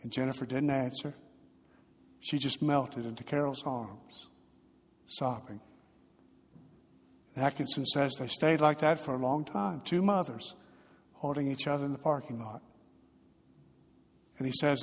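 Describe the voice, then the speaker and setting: A man delivering a sermon as a pastor, telling a story earnestly and growing softer toward the end. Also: mid-range voice, measured pace, pauses often, breathy edge, big-room sound.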